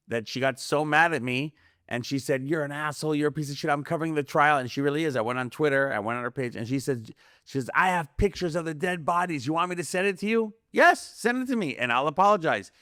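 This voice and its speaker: A man's voice: fairly high pitch, fast talker, clean tone, no echo. Rambling man on a dry podcast mic. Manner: rambling, animated, acts out quoted voices. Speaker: podcast guest. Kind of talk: casual conspiracy podcast chat.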